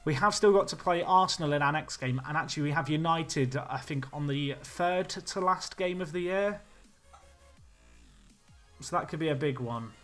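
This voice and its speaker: A man's voice: on the high side, moderate pace, soft background music. Chatty man streaming a game. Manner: chatty, animated, reacts to chat. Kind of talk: casual game commentary.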